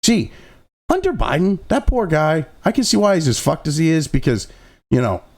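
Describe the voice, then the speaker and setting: A man's voice: a little high, sing-song, normal speed. A middle-aged man hosting a political commentary show, ranting angrily and sarcastically with constant profanity. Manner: angry, profanity-laden, sarcastic.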